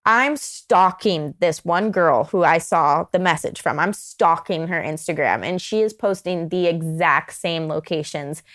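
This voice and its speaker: A young woman guest on a podcast, telling a personal story casually in an animated, rambling way, full of asides. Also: lowish voice, unhurried, hardly any pauses.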